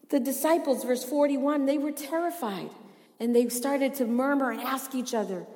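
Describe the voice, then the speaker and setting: A woman's voice: a little high, fairly quick, darkish tone, big-room sound. A woman preaching a sermon, chatty and laughing often, asking the congregation questions as she reads from the Bible.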